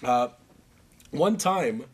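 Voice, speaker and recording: A man telling animated stories in a casual interview, acting out other people and laughing as he goes. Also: mid-range voice, drawn-out words, breathy edge. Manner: animated, acts out voices and laughs through stories.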